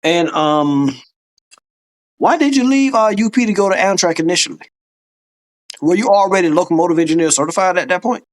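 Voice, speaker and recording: A man's voice: high voice, a little fast, pauses often. A man from the southern US hosting a casual interview, easygoing and hesitant with many "uh"s. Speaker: podcast host.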